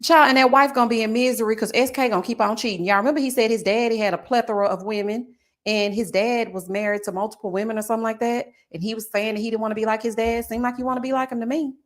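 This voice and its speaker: Sassy woman in her forties, slightly high. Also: fast talker. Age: 40s. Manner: sassy, animated, laughs often, talks to viewers as "honey" and "y'all". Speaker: live-stream host reading chat. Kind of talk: casual chat.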